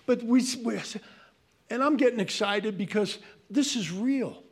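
Older new york guy preaching, husky high voice, gets worked up and jokey. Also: unhurried. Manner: animated, ranting and joking. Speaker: pastor. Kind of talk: sermon.

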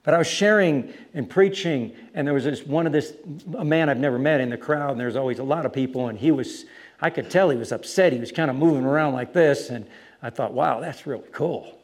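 A man preaching, telling a story about street preaching with lively, animated delivery and acted-out voices. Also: mid-range voice, fairly quick. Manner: animated storytelling, acting out other voices loudly. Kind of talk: sermon with storytelling.

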